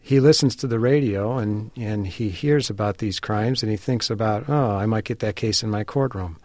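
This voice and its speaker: A man being interviewed on radio as an author, speaking in a measured way with frequent fillers. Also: lowish voice, darkish tone, no echo. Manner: measured, hesitant with many fillers. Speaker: author and guest.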